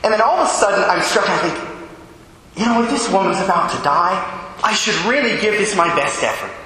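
High bright priest telling a story. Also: male voice, fairly quick. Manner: animated storyteller, voices his own thoughts and dialogue. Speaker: Catholic priest. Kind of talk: storytelling homily. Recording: echoey hall with long reverb.

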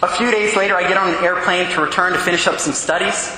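Bright-voiced priest preaching in an echoey hall. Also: male voice, high-pitched, heavy background noise. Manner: storytelling with quick animated asides. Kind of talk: sermon. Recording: echoey hall with long reverb.

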